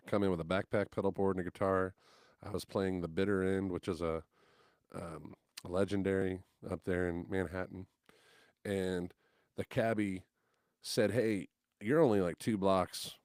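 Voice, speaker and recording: A man's voice: deep voice, normal speed, no room sound, clean studio sound. A man, a guest musician on a podcast, telling stories in casual chat and acting out the people he quotes. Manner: animated, acts out quotes loudly.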